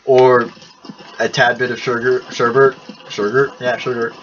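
A man's voice: mid-range voice, little pitch movement, a little slow. Laid-back teasing young man gamer. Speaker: let's play gamer. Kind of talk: casual co-op gaming chat. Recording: muffled lo-fi capture with game music. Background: game music.

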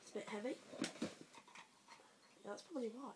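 A woman's voice: fairly high pitch, normal speed. A teenage girl vlogging her birthday presents in a casual, over-the-top mock emotional way. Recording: noisy home recording.

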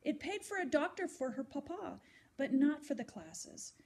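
A woman reading a children's story aloud, gentle and expressive. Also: high-pitched, normal speed, a little hiss or hum.

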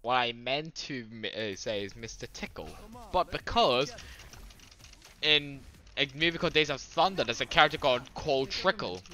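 Male game streamer, live commentary, excitable, swearing, mock-scared shrieks, tense bright voice. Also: fairly high pitch, moderate pace.

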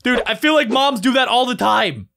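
A man hosting a casual reaction video, talking in an excitable, playful way. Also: very high voice, normal speed, gravelly. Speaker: YouTube reaction host.

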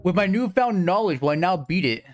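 A young man streaming a horror game, excitable and swearing, yelping and shouting whenever he gets startled. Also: high voice, fairly quick. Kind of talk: live gameplay commentary.

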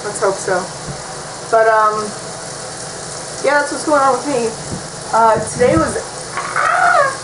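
A woman's voice: on the high side, unhurried, long pauses, background noise. Chatty teenage girl vlogging. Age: teens. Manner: chatty, rambling, heavy use of "like". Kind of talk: casual vlog chat. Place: her bedroom at home.

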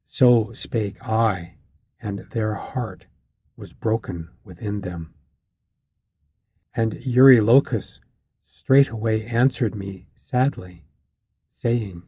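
A man narrating a classic epic for an audiobook, in a slow, measured, solemn reading with archaic phrasing. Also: fairly low pitch, dark tone, husky, dry recording.

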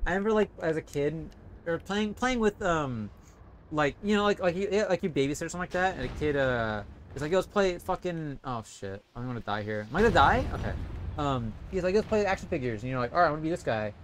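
A man's voice: fairly high pitch, expressive, fast talker, a bit bright, a little hiss or hum. Rambling, swearing young male streamer. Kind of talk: casual gaming stream commentary.

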